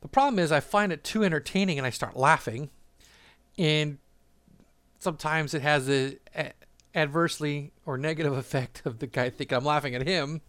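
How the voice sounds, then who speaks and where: Male storyteller, relaxed rambling delivery, chuckles often, dry close sound. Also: a little high, normal speed, no room sound. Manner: rambling, laughs often, many fillers and restarts. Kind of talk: casual storytelling monologue.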